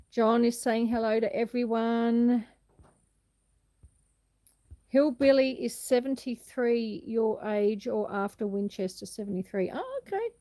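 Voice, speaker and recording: A woman's voice: fairly high pitch, lively intonation, slow pace, long pauses, warm tone, no room sound. A woman with an Australian accent hosting a casual livestream outdoors on a windy farm, chatting and laughing easily while greeting viewers by name. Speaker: livestream host. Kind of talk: casual livestream chat, reading comments aloud.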